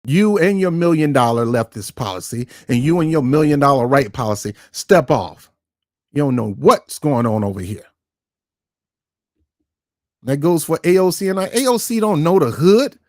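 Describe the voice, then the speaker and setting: A man's voice: fairly high pitch, lively intonation, moderate pace, no room sound, clean studio sound. Fired-up man ranting on camera. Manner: emphatic, confrontational, repeats words for stress. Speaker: YouTube commentary host. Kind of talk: ranting political commentary.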